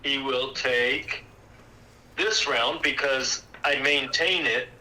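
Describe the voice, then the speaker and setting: Male player, very bright tense tone, matter-of-fact. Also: mid-range voice, takes it slowly, low-quality recording. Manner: matter-of-fact, tallies dice rolls. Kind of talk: casual tabletop game chat.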